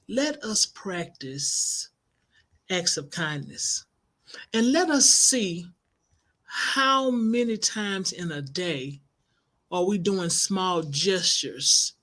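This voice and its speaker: A middle-aged woman, a life coach and minister, telling inspirational stories in an animated, expressive way. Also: lowish voice. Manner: animated, expressive, acts out quoted voices. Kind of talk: inspirational storytelling broadcast.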